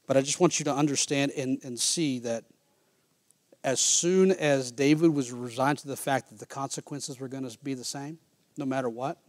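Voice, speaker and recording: A male pastor preaching a sermon and reading scripture aloud. He swings from loud, high-pitched emphasis down to quiet, low asides. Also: dry recording. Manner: reads scripture in King James wording.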